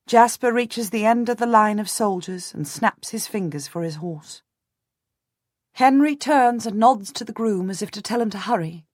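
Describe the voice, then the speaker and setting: Female audiobook narrator, measured and restrained delivery, low register, dry studio sound. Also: no echo. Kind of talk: first-person audiobook narration.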